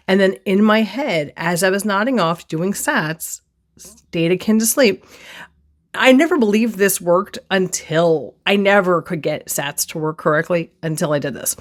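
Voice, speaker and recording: A woman telling a personal story on her vlog from her desk, expressive and acting out her own reactions. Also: fairly low pitch. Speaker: vlogger.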